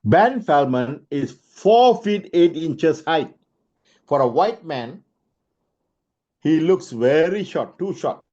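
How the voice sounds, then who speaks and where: A man with a fairly high voice delivers a motivational sales talk as a story. He keeps throwing in rhetorical checks on his listeners. The recording sounds dull and lo-fi. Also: animated, slow pace, mellow. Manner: tells stories with asides and rhetorical "huh?" checks. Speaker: sales trainer.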